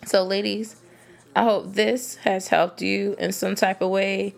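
A woman giving blunt dating advice straight to women listeners in a casual, animated rant, swearing freely. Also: medium pitch, measured pace, vocal fry.

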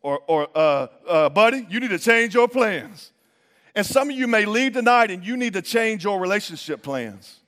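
A man with a high voice preaches a sermon in a lively, conversational way. He acts out little quoted voices as he goes. His voice rings with the long reverb of a large hall. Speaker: pastor.

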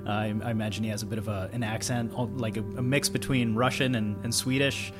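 A man's voice: fairly low pitch, steady tone, fast, music in the background. A man introducing his tabletop character in casual chat, hesitant and full of fillers. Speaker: player.

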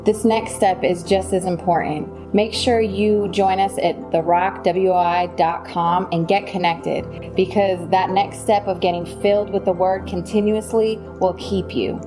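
A woman's voice: mid-range voice, fairly even intonation, measured pace, hardly any pauses. A woman co-hosting an altar call, encouraging listeners to take the next step. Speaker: co-host, elder's wife. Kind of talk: church follow-up announcement. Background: music.

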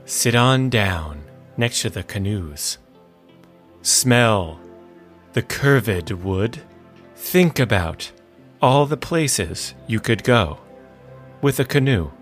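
A serene male meditation guide, as a man puts him on, drawing out every phrase at a crawl with soft music beneath. He sounds unhurried and hushed throughout. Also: on the low side, full character voice. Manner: slow, hushed, drawn out.

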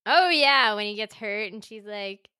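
A woman co-hosts a casual chat, talking in a lively way and breaking into laughter often. She acts out characters' lines as she goes. Her voice is recorded close and dry, with no room sound. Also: mid-range voice, unhurried, clear, resonant tone, no room sound. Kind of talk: casual chat about an anime.

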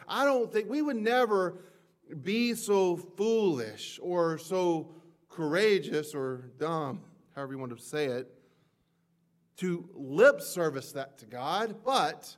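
Man, pastor, sermon, slow deliberate delivery, higher voice, emphatic loud-soft swings, acts out quoted prayers. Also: lively intonation. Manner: emphatic, swinging from loud peaks to near-whispered drops.

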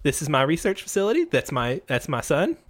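A man's voice: fairly high pitch, huge pitch swings, brisk, noisy background. A man voicing a scatterbrained, cheerful woman professor who stammers and rambles. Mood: flustered.

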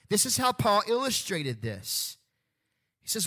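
A male pastor preaching a sermon, emphatic, leading call-and-response and slowing down on stressed phrases. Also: high-pitched, big pitch swings, bright, forceful tone. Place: church sanctuary.

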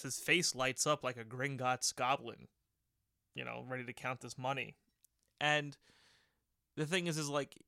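A man's voice: medium pitch, gravelly, bright, forceful tone, no room sound, clean studio sound. A man of thirty chatting casually as a podcast host, rambling and swearing as he tells a work story. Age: 30s. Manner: rambling, profane, self-correcting. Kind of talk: casual chat.

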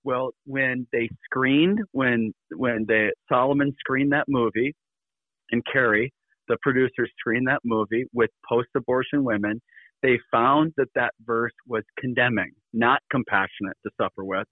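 A middle-aged man, a guest, telling stories in an energetic, upbeat way, his pitch jumping up suddenly. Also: a little slow, dry recording. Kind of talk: casual storytelling. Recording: dry phone-like call audio.

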